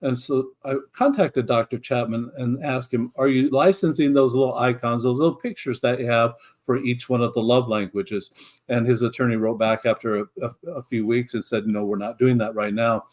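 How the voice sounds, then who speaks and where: A middle-aged man speaks as an interview guest, in an earnest, reflective way. He restarts his phrases often. His voice sits at an ordinary mid pitch. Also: steady tone, normal speed, darkish tone. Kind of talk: conversational storytelling.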